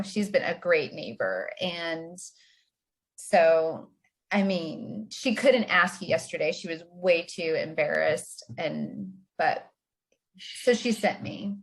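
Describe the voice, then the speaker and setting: A woman's voice: lowish voice, breathy edge. Woman hosting, coaxing improv banter. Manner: playful, coaxing, hesitant with fillers. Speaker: host. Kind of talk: improv comedy scenes.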